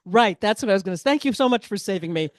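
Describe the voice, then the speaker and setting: A woman's voice: mid-range voice, expressive, racing, no echo, studio quality. A woman performing a stand-up comedy set, chatty and self-deprecating, with asides to the audience.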